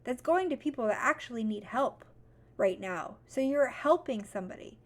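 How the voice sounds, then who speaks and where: High-voiced woman giving a blunt, profane rant. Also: normal speed. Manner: blunt, profane rant that swings from calm to loud. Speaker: vlogger. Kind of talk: motivational talk to camera.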